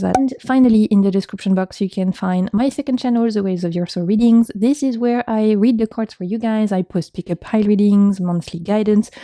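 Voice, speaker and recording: A woman's voice: medium pitch, no room sound. A young woman with a French accent, chatting casually as she reviews her favorite tarot decks in a vlog. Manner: chatty, warm thanks, frequent laughs. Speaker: tarot video creator.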